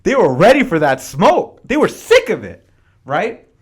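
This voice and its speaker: A man with a fairly high voice talks on a podcast in a casual, animated way. His pitch swings widely as he reads history passages from notes and breaks into slangy asides. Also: a little slow, husky. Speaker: podcast host. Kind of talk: casual podcast talk mixed with reading from notes.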